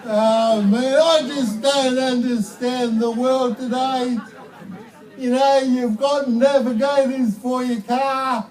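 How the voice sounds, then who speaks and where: An Australian man on stage at an outdoor concert, his voice pitched very high and his words drawn out slowly before he shouts each punchline. He sounds set back from the mic. A laughing crowd and a steady wash of open-air noise sit behind him. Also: recorded from a distance, low-quality recording. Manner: slow, deliberate delivery that breaks into shouted punchlines. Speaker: stand-up comedian. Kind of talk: live stand-up comedy.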